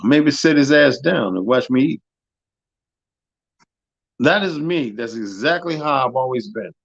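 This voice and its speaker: A man hosting a live stream, telling stories in a profane, animated way that swings from loud to soft. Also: mid-range voice, unhurried, gravelly, dry recording, muffled recording. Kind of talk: casual storytelling chat.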